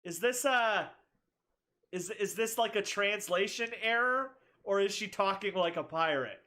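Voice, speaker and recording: Bright-voiced, joking woman game streamer. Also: mid-range voice, animated, measured pace. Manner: chatty, joking, laughs often. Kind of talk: let's play commentary.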